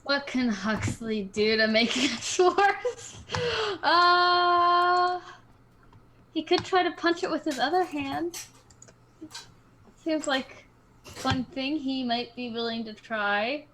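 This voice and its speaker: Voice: sits high, slow, bright, forceful tone, a little hiss or hum. A player in a tabletop game, musing aloud over her character's moves and laughing easily.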